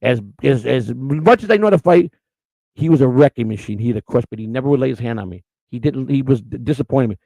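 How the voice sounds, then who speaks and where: His voice is mid-range, dark-toned and expressive, roughened by gravel and lots of fry, and he talks fast. He's a middle-aged podcast host from Chicago recounting his life with blunt emotion and frequent cursing, in dry, close audio with no echo.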